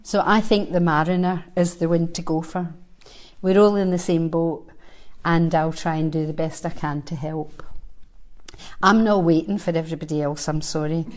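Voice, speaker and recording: This woman in her sixties has a deep, steady voice with a slightly mellow quality and a moderate pace. As a Buddhist teacher, she delivers a dharma talk to a group gathered at a centre, chatting with light humor and musing aloud between verses she reads out.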